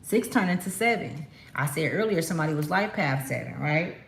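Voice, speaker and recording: Deep, expressive, brisk and creaky, a Californian woman's voice fills an echoey room as she does a casual spiritual card reading. The tarot reader addresses her viewers emphatically, chatty and full of slang.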